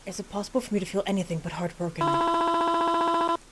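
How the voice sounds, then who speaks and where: A woman voicing a grieving middle-aged mother at her daughter's funeral, speaking in a soft, drawn-out, tremulous way. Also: very high-pitched, sing-song, heavy background noise, voice pushed up.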